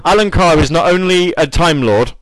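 A man's voice: on the high side, moderate pace, low-quality recording. A British man hosting an online radio show, rambling and joking at his own expense in casual chat. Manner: rambling, jokey, self-mocking.

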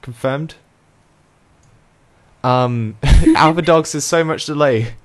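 A man's voice: on the high side, takes it slowly. A young man hosting an online radio show, chatting casually, laughing often and stumbling over his words as he reads out comments. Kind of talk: casual chat, reading out chat comments.

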